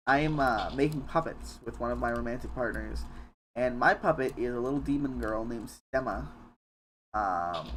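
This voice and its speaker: A young man streaming a game from home, chatting casually in a rambling, halting, self-deprecating way with some swearing. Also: medium pitch, a bit bright, slight background noise. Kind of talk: casual live-stream chat while gaming.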